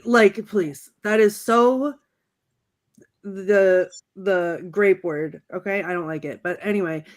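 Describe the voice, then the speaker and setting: A woman's voice: medium pitch, takes it slowly. A woman co-host talks in a loose, chatty way, full of fillers and giggles. Her voice sits in the middle range for a woman. She shares favorites with an easy, casual air. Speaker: podcast co-host. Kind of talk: casual chat, reading favorite movie quotes.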